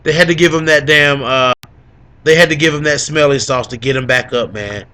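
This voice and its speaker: Gloating, teasing man with a higher voice. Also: brisk, sharp tone. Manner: teasing, boastful, repeats lines for emphasis, laughs a lot. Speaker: podcast co-host. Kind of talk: gloating casual MMA commentary.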